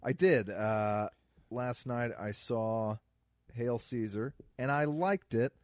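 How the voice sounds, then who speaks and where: A man from the American Midwest rambles through a casual film commentary as a co-host. He is wry and joking, and he slips into little anecdotes. His voice sits at a middle pitch and is recorded dry and close with no room sound. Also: takes it slowly, no echo. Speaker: podcast co-host. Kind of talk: casual movie commentary chat.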